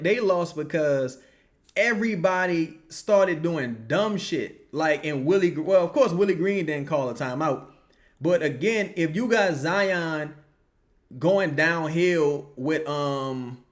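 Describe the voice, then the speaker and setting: A young man giving casual, profane live reaction commentary on a basketball game, answering viewer questions and yelling at plays. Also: on the high side. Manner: profane, animated, yells at plays. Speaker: live game watch-along streamer.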